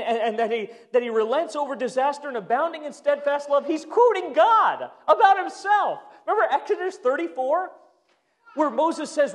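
Pastor guy preaching in a church, real high voice, long echo, gets loud then goes quiet. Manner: animated preaching, swings from loud to hushed. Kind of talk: sermon. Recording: long hall reverb.

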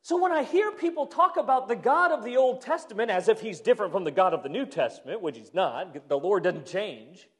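A man preaching a sermon as a pastor, moving from loud emphatic bursts to hushed, quiet lines. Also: high voice, animated, brisk, hardly any pauses. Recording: long hall reverb.

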